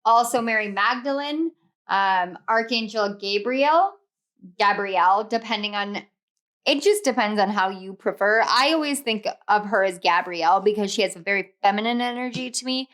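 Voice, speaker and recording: A woman's voice: medium pitch, moderate pace, fairly bright tone. A young woman giving a casual tarot reading, emotional and gushing, laughing often as she goes. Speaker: tarot reader.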